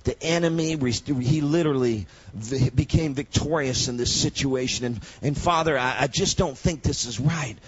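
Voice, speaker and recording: Husky-voiced male preacher, shouting sermon. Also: mid-range voice, normal speed, hardly any pauses, no echo, highs cut off. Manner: swings from soft storytelling to shouted proclamation.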